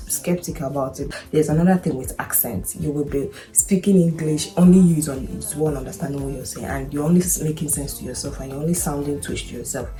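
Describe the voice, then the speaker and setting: Woman from Nigeria, low voice, earnest chatty advice, repeats herself, faint music behind. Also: fairly even intonation, fast, hardly any pauses, warm tone. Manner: chatty, earnest, full of "you know" and repeats. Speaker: international nurse, vlogger. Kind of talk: casual storytelling and advice.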